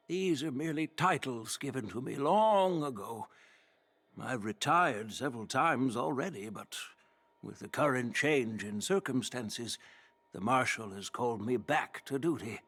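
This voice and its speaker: A really old humble game general, tired and modest, soft-spoken. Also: male voice, medium pitch. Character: very old male general and smith, humble and weary. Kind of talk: game voice acting.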